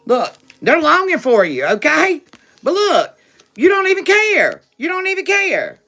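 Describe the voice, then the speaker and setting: Her high voice swoops wildly in pitch, sounding pushed and bright at a measured pace, as a woman does a live-stream tarot reading over soft background music. Familiar and chatty, she calls her viewers "baby" and "boo", adds "okay?" to her lines and laughs often between remarks on her livestream setup.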